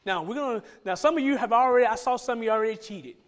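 A man's voice: very high-pitched, racing. A man, a pastor, giving a conversational sermon, asking many rhetorical questions and joking with the congregation.

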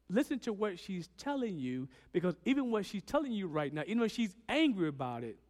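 A man preaching a sermon, swinging from loud, emphatic lines to quiet ones and acting out Bible characters. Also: very high-pitched, big-room sound.

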